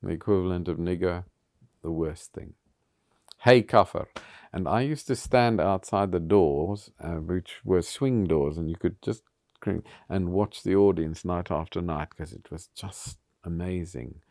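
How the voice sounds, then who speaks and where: Older guy telling old theatre stories, deep voice, dry close sound, chuckles a lot. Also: measured pace, warm tone, no room sound. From South Africa. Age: 70s. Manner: anecdotal, chuckles often between phrases. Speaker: theatre founder being interviewed. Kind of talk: reminiscing storytelling.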